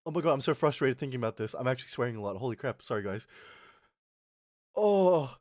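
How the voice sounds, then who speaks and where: A young man telling a story on his stream, swearing a lot and swinging between mutters and yells. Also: medium pitch, very fast, dry recording, studio quality. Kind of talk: casual storytelling rant on a live stream.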